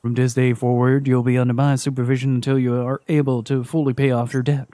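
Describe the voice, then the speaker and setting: A man voicing a cold, precise male debt collector in a video game, lecturing in a rapid, clipped way. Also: mid-range voice, level tone, dark tone, no echo, studio quality, natural voice. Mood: stern.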